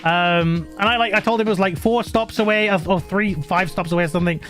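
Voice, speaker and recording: A British man with an unusually high voice tells a story to his live stream in loose, rambling chat. He trips over restarts and fillers and breaks into laughs mid-sentence. Soft music plays quietly behind him. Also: fast. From Britain.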